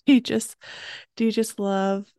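A woman's voice: mid-range voice, flat delivery, a little slow, mellow, smooth, no room sound, clean studio sound. A woman who grew up in Georgia and southern Maryland, co-hosting a podcast with playful, joking banter. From Georgia and southern Maryland, USA. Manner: playful, jokey, presents the research. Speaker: podcast co-host. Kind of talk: casual chat.

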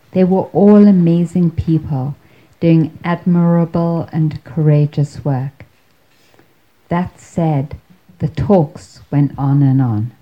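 A woman giving a storytelling talk in a measured, wry manner, on a slightly muffled recording. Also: low voice, mellow. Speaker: speaker telling a story.

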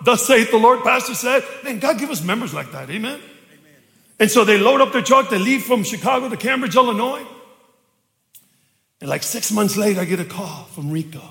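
A middle-aged man pastor telling stories in a sermon, acting out dialogue and shouting for emphasis, recorded in a church sanctuary. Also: high voice, animated, a little fast, gravelly. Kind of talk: storytelling sermon. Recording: echoey church hall.

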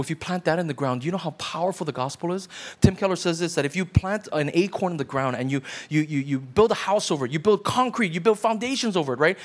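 A man preaching a sermon as pastor, conversational and emphatic, often checking in with his listeners. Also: sits high. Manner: conversational preaching with frequent "right?" asides.

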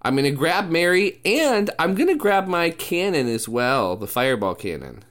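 A man's voice: a little high, very animated, moderate pace, a bit bright. A man playing a tabletop game, eager and tripping over his words. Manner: eager, stumbling restarts. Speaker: player. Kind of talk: casual tabletop play.

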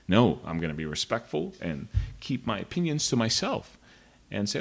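Man with a low husky voice. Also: very animated, brisk. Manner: rambling, digressive, frank. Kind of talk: casual storytelling monologue.

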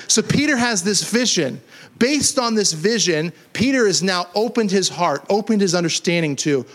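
A man preaching a sermon in an animated way, dropping to hushed lows and rising to emphatic highs. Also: normal speed. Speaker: pastor. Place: church hall.

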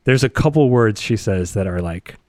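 A man's voice: lowish voice, animated, moderate pace, darkish tone, dry recording, clean studio sound. A man co-hosting a podcast, earnestly telling a self-deprecating story in casual chat. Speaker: podcast co-host.

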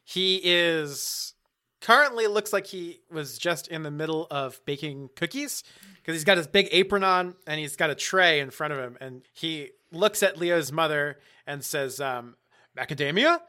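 A man running a tabletop game as game master, narrating in a relaxed, chatty way. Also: a little high, a little slow, clean tone.

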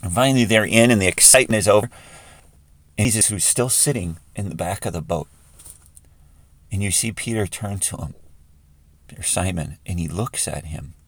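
A man's voice: fairly low pitch, normal speed, long pauses. A man leading a guided imaginative prayer in a conversational way, with frequent restarts.

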